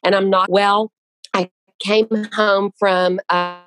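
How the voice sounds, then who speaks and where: A medium-pitched woman speaks slowly and smoothly about writing her book and getting it out, in a casual storytelling style. As a guest author, she comes across earnest and animated, with frequent restarts, on a low-quality recording.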